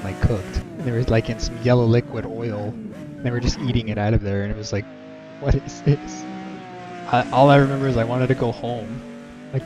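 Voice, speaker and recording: Young man, exasperated rambling rant, lots of fillers, clear music behind him. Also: mid-range voice. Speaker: vlogger. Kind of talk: casual storytelling rant.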